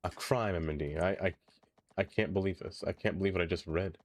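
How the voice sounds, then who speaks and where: A man's voice: low voice, fairly quick. A man live-streaming a city-building game, chatting casually and reading chat aloud, ranting animatedly and laughing often.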